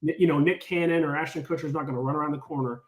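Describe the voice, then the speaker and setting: A man casually telling a story, animated and full of filler words, acting out what people said. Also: on the high side, very fast, echoey room. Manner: animated, lots of "like", acts out quotes. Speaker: storyteller on a podcast.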